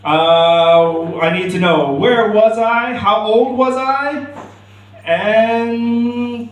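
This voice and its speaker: A man's voice: high-pitched, drawn-out words, phone-quality sound. A young man doing open-mic stand-up in a club, rambling with self-deprecating asides. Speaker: stand-up comedian. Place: comedy club stage. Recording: echoey club room, mic from far.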